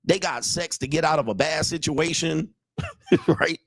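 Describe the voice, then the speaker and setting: This dating coach's voice is fairly high and a bit bright, moving at a measured pace, with clean studio sound and no echo. Live on stream, he gives casual, blunt, profane relationship advice, repeats himself, and asks the audience for agreement while daring them to disagree.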